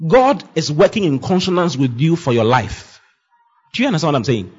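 A man preaching a sermon, making emphatic, repetitive declarations that swing from loud to hushed. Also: fairly high pitch, very animated, fairly quick, breathy edge, faint music behind. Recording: dull lo-fi sound.

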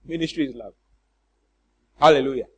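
A man's voice: mid-range voice, moderate pace, fairly bright tone, husky. A man preaching a sermon, asking the congregation questions and mimicking church members for laughs. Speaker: pastor.

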